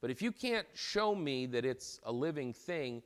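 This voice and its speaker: A man's voice: medium pitch, big pitch swings, unhurried, clear, resonant tone. A man voicing an indignant ancient king who insists, in a rising and exasperated tone, that his idol is alive. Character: indignant ancient male king, quick to anger.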